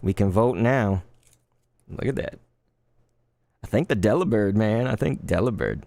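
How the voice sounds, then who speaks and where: A man in his thirties chatting casually while opening trading cards live, laid-back and quick to get excited. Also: fairly low pitch, vocal fry, dry recording. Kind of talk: live card-opening stream chat.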